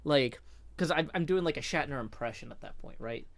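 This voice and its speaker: Excitable man with a Southern twang. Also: fairly high pitch, fairly quick, dry recording. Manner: rambling, excitable, laughs at his own jokes. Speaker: streamer host. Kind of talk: casual live-stream chat.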